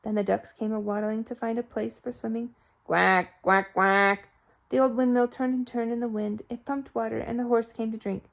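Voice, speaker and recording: A woman reading a children's storybook aloud, expressive and playful with sound effects. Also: fairly high pitch, brisk, gravelly, few pauses, highs cut off. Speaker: storybook reader.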